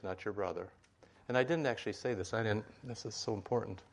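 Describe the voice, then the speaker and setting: A man's voice: fairly low pitch, fast talker. A man preaching a sermon in a conversational way, with asides and rhetorical questions, in a meeting room with a board.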